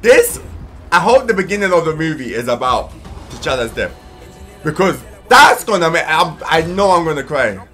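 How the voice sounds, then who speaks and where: A man from London with a London accent, reacting casually to a trailer as host and bursting into whoops and shouts. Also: fairly high pitch, expressive, normal speed. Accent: London English. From London, England. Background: trailer music playing faintly.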